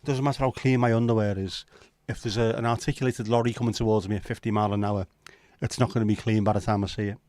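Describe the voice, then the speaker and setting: A man's voice: on the low side, fairly even intonation, fast talker, hardly any pauses, darkish tone, no room sound. Bantering male livestream host, dry sound. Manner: joking, teasing banter with viewers. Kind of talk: casual livestream chat.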